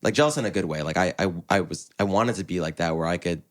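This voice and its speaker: Low-voiced young guy from the us, laid back, telling his story on a podcast. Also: fast. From United States. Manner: relaxed, rambling with restarts. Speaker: podcast guest. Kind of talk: casual interview chat.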